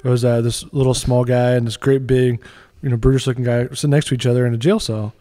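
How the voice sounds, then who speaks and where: A man co-hosting a podcast in casual chat, chatty and quick to laugh as he tells loose stories. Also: mid-range voice, little pitch movement, mellow. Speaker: podcast co-host.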